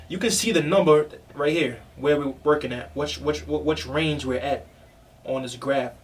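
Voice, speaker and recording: A man's voice: on the high side, far from the mic. A man, a music producer, casually walking through a tutorial on his screen, loose and chatty with fillers. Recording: voice a bit off-mic over music.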